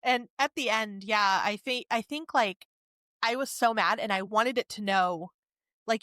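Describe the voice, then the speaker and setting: A woman co-hosting a casual podcast, candid and chatty, often laughing and filling pauses with "like". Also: medium pitch, fairly bright tone, no echo, studio quality. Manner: candid, frequent laughs, fillers like "like". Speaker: podcast co-host.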